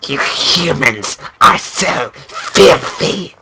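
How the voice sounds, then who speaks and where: A man voicing a screeching male vulture creature that despises humans, with a strained, shouted rasp. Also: mid-range voice, lively intonation, drawn-out words, very noisy. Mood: disgusted.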